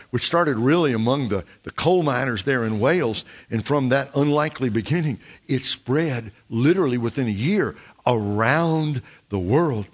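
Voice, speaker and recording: Male pastor, mid-pitched, measured and emphatic sermon delivery. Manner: measured, emphatic preaching with rhetorical questions.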